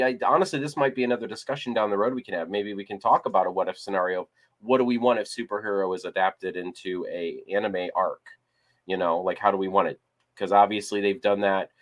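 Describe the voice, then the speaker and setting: A man co-hosting a casual discussion podcast, talking in a rambling way with many restarts and fillers. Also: lowish voice. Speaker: podcast co-host. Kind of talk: casual chat.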